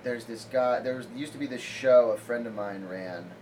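Rambling comedian telling a story, noisy recording. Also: male voice, medium pitch, moderate pace, a little mellow. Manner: rambling, laughs often, many "like" fillers. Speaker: comedian guest. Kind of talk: casual storytelling. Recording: audible background noise.

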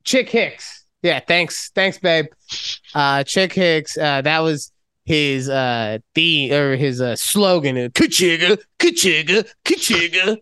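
A man co-hosting a casual podcast, telling a story in a profane and animated way. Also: fairly high pitch, takes it slowly, clear, resonant tone, no room sound, studio quality. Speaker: podcast co-host. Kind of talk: casual chat.

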